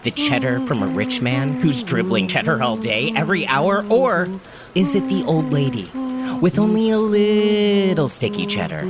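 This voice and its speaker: Brief: low-voiced, preachy cult hostess, lively, music behind. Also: female voice, moderate pace. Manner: gushing and preachy. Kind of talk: comedy audio drama acting.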